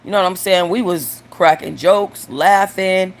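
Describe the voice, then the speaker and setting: A woman's voice: lowish voice, measured pace, a little hiss or hum. A woman hosting her own show, telling stories and jokes in a casual, crude and blunt way while addressing her audience directly. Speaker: host. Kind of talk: casual storytelling and joke telling.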